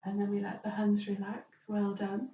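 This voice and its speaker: A woman teaching a chair yoga class, giving gentle, soothing step-by-step breathing and movement cues. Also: mid-range voice, monotone, normal speed, a little hiss or hum. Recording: roomy, distant, dull-sounding recording.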